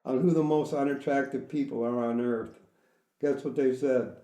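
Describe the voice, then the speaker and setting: A man's voice: mid-range voice, steady tone, normal speed, mellow. Direct a profane, blunt middle-aged man in an echoey room. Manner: profane, blunt, laughs often. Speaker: podcast host. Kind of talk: casual crude chat.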